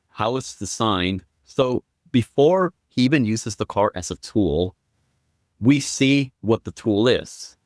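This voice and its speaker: A man as a guest on a film podcast, explaining step by step and building up to excited quoted lines. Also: medium pitch, no echo, studio quality. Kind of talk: casual film review chat.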